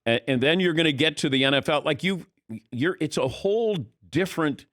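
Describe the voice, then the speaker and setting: A man in his sixties hosting a sports talk radio show in a studio, talking in an animated, rambling, conversational way. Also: a little high, fairly quick, dry recording. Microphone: studio mic.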